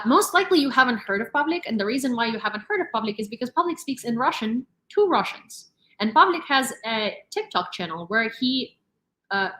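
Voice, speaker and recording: A woman's voice: on the high side, a bit bright. A young woman hosting a live news stream, talking in a chatty, rambling way with many fillers and frequent laughs. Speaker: news channel host. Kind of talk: casual live-stream commentary. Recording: roomy echo.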